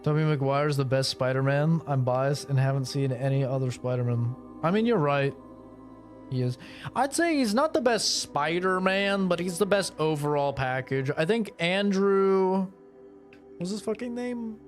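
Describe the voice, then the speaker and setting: A man's voice: a little high, moderate pace, soft background music. A young man streaming a game, swearing a lot and ranting in casual commentary. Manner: swearing, excitable, rants loudly.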